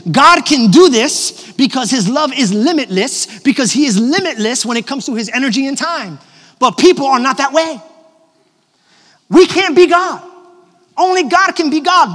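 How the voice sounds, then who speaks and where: Casting: pastor, thirties, male, high voice, slightly hoarse, animated, church hall reverb. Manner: animated, personal, jokes with the congregation. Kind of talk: sermon. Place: large church auditorium. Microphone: handheld microphone.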